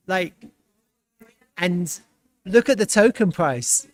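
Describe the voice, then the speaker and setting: Excitable man thinking aloud on a livestream. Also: sits high, measured pace, pauses often. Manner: excitable, laughs often, thinks aloud while browsing. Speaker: livestream host. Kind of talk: casual live commentary.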